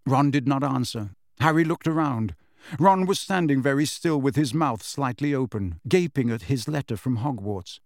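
A man narrating a storybook with a lively, expressive reading. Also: medium pitch, moderate pace, no room sound, clean studio sound. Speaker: audiobook reader.

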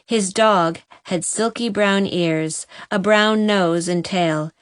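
A woman narrating a storybook gently for an audiobook. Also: medium pitch, dry recording, clean studio sound.

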